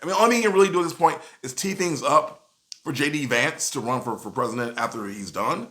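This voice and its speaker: A man giving casual, animated commentary in a video, often asking "you know what I'm saying". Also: mid-range voice, fast.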